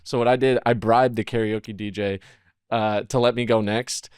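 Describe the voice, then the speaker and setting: A man appearing as a comedian guest on a podcast, telling a story in a loose, animated way that is full of swearing and self-mocking. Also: on the low side, moderate pace, clear, resonant tone, dry recording, studio quality. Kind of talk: casual podcast chat. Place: podcast studio.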